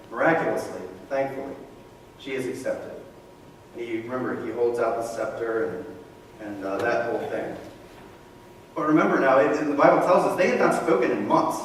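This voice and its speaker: Male pastor preaching in an echoey church. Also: mid-range voice. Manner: conversational, animated storytelling with asides. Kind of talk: sermon. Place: church sanctuary. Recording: echoey hall, mic far from speaker, faint room noise.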